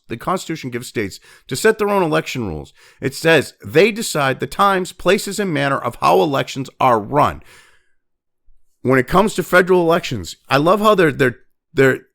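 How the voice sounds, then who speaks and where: Gravelly and high, with a fairly bright tone, this male host delivers ranting news commentary. He moves quickly through the news text, then interrupts himself to vent, heaving sighs and swearing in exasperation.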